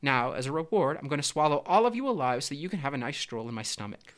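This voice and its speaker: A big, scheming pelican who drawls his words slowly and gloats over his catch, as a male storyteller plays him. His voice is sly and mocking. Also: fairly high pitch, very animated, fairly bright tone. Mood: gloating.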